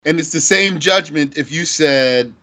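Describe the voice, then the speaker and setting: A man teaching Arabic grammar, explaining deliberately and asking himself rhetorical questions. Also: a little high, sharp tone. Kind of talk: recorded grammar lesson.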